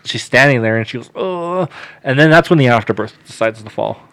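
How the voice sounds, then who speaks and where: A man's voice: mid-range voice, fast. Man telling a story with lots of swearing. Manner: animated, swears freely, acts out dialogue. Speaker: podcast co-host telling a story. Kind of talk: casual podcast storytelling.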